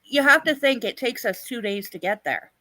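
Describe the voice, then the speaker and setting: Bright-voiced Canadian woman telling stories. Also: fairly high pitch, animated, moderate pace, no echo, low-quality recording. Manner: rambling, repeats "what do you call it". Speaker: live stream co-host. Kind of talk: casual storytelling chat.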